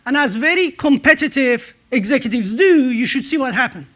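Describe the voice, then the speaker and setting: Keynote speaker, man, higher voice, relaxed storytelling at a conference. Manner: storytelling, conversational with filler pauses. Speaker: entrepreneur speaker. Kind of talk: conference talk. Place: conference stage.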